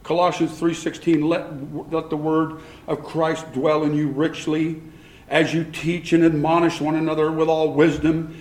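A man preaching a sermon as pastor, animated and rising to loud, emphatic bursts. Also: fairly high pitch. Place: church sanctuary. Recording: echoey church room.

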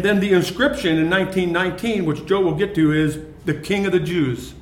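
A man reading a Bible passage aloud and stopping to explain it to a study group, with pauses and restarts. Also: high-pitched. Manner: reads scripture then explains it with pauses and restarts. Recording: echoey room.

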